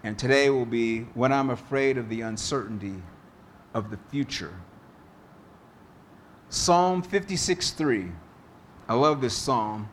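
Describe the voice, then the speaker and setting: A man preaching a sermon as pastor, slow and deliberate, telling a story to make his point. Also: mid-range voice, a little hiss or hum.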